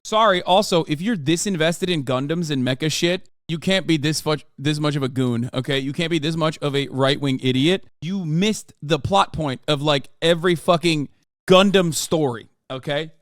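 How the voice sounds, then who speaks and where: A man's voice: on the high side, normal speed, no echo, studio quality. A man hosting a live stream, reacting to a clip with casual, profane, mocking commentary.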